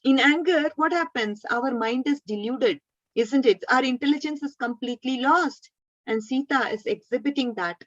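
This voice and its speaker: A woman's voice: high voice, normal speed, dry recording, highs cut off. A woman teacher telling a story to children, often stopping to ask the class questions and now and then scolding a student. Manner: asks the class frequent questions.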